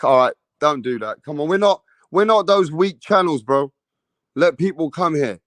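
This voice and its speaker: A man's voice: fairly high pitch, animated, normal speed, a bit bright, no room sound. A man with an English accent hosting a casual boxing live stream, joking with viewers and swearing freely. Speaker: boxing channel host.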